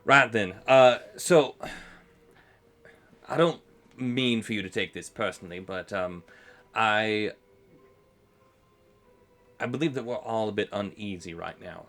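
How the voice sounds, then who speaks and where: A man's voice: on the low side, slow pace, long pauses, fairly bright tone, soft background music. A man voicing a wary, formal middle-aged ship captain in a tabletop game. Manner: stiff, formal, hesitant.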